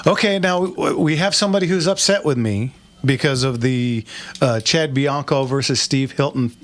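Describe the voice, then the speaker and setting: A man's voice: medium pitch, normal speed. A man hosting a call-in radio show, chatting in a folksy, easygoing way, chuckling often and tripping over his words. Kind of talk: casual call-in radio chat.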